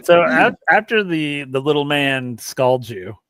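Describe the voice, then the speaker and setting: A man's voice: fairly high pitch, lively intonation, unhurried, fairly bright tone, smooth, dry recording. A man running a tabletop game, describing scenes with many fillers and hedges. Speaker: game master.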